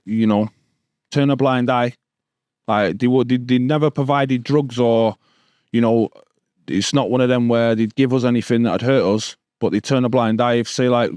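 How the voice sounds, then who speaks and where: A man's voice: lowish voice, darkish tone, no room sound. Man, manchester accent, slangy, keeps saying bro, dry close sound. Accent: Manchester English. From Stockport, England. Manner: casual street slang, repeated "bro" and "do you know what I mean". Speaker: guest. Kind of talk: storytelling in a podcast interview.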